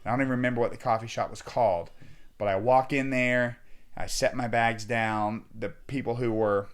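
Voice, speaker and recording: A man's voice: medium pitch, fairly even intonation, normal speed, clean tone. A man on as a guest, telling a long story in a casual, rambling way, full of filler words.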